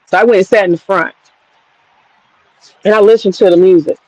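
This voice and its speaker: A woman's voice: medium pitch, steady tone, fairly quick, a little mellow, dull audio. Profane, rambling woman telling a road trip story. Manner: works with her hands while talking. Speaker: streamer. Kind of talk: casual storytelling chat.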